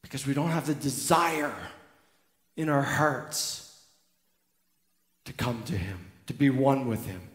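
A man with a mid-range voice preaches slowly, leaving long pauses between phrases. As pastor in a church sanctuary, he's earnest and emphatic, repeating key lines for weight, and the echoey hall adds long reverb.

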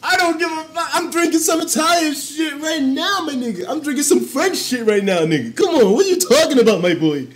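A man live-streaming and reacting to donations in a casual, profane, excitable way, often bursting into shouts, recorded at home on a desktop mic. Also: very high-pitched, brisk, hardly any pauses. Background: faint music.

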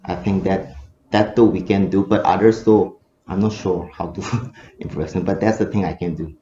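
Speaking at a normal pace with fairly even intonation, this Manipuri-accented man sounds low and mellow as he responds during a seminar as a research scholar. He stumbles through many fillers and restarts. There's a little hiss or hum, and the echoey room makes the audio dull and lo-fi.

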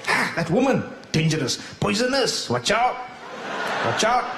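A man's voice: high voice, sing-song, measured pace, heavily acted. A man putting on a gossiping woman with a Malaysian accent, in an echoey hall. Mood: sly gossip. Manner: sly, hushed gossip. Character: gossiping woman whispering warnings.

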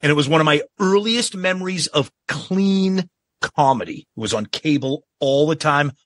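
A man's voice: fairly high pitch, normal speed, no echo, studio quality. A man in his fifties from the Boston area, co-hosting a casual podcast and giving blunt, opinionated takes. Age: 50s. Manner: opinionated, animated, frequent restarts. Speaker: podcast co-host.

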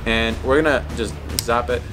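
A young adult man hosting a casual unboxing vlog, excitable, reacting loudly and swearing. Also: mid-range voice, normal speed, music in the background. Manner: excitable, swears and yelps when hurt. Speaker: YouTube host.

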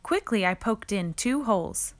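A woman reading a children's picture book aloud in a slow, expressive read-aloud manner. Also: mid-range voice. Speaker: reader.

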